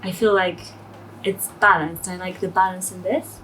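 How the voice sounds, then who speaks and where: Woman, low voice, relaxed reflective chat, faint room noise. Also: moderate pace, rough recording. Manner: relaxed, reflective, thinks aloud with ums. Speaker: guest fragrance reviewer. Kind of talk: casual conversation.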